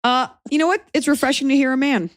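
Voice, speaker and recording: A woman's voice: sits high, no echo, studio quality. A woman hosting a podcast, giving advice in casual chat with a wry, opinionated delivery. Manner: wry and opinionated, slips into quick mock voices. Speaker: podcast host.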